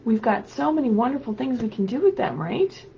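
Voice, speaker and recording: Lively high-voiced woman reading to kids. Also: fairly quick, vocal fry, dull audio, slight background noise. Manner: animated, sing-song, prompts young listeners. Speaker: children's librarian. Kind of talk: story time reading to children.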